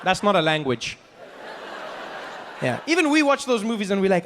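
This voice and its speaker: A man's voice: high-pitched, big pitch swings, normal speed, noisy background. A South African man performing stand-up comedy, telling playful stories and often laughing mid-line.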